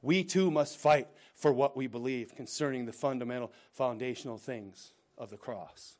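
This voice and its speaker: A male pastor delivers a sermon with his voice at a middling pitch. He presses hard on key phrases, then drops to quiet, drawn-out asides. He keeps turning to the congregation with pointed rhetorical questions. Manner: dramatic swings from loud emphatic bursts to hushed, slow asides; addresses listeners directly with rhetorical questions. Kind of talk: preaching a sermon.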